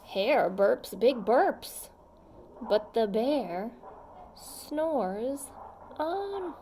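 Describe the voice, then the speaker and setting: A woman reading a children's picture book aloud, gentle and expressive, pausing to chat with young listeners. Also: a little high, slight background noise. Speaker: storybook reader.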